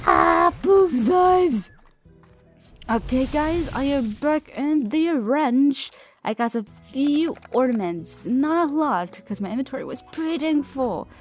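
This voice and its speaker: A woman narrating her own gameplay for viewers, excitable and gushing as she goes. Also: high-pitched. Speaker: gaming video creator. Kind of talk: game commentary.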